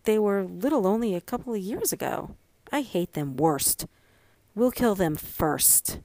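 A woman voicing an excitable, scheming little girl who talks eagerly and a bit whiny in a storybook reading. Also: medium pitch, unhurried, no room sound. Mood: excited.

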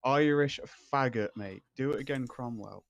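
A man's voice: mid-range voice, normal speed, creaky, noisy background. A man from Britain, trading crude, profane banter as a stream co-host, tagging lines with "mate".

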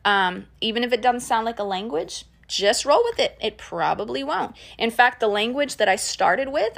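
This adult mother teaches on a Christian podcast in an easygoing, sincere and supportive way, talking conversationally with lots of fillers. She has a medium-pitched, slightly bright voice with vocal fry.

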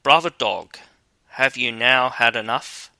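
A man's voice: mid-range voice, slow, creaky, pushed and bright, no room sound, full character voice. A man doing a bold little storybook sparrow. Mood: friendly. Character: bold clever little male sparrow, vengeful.

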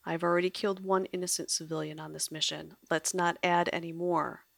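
A woman reading aloud gives voice to a romantic male maestro, tender and bittersweet. The voice sits low with a gravelly edge. Dry, close sound. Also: level tone, brisk, dry recording. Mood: dry whisper.

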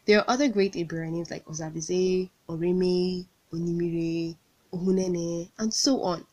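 A proud young woman in a storybook tale, smiling through her irritation as she answers politely, read by the narrator herself. Her voice is a little low, and her words come out careful and controlled. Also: steady tone, moderate pace, a little mellow, natural voice. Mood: polite, restrained. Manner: sweet on the surface, holding back irritation. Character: young Nigerian woman at a job interview, proud and tense.

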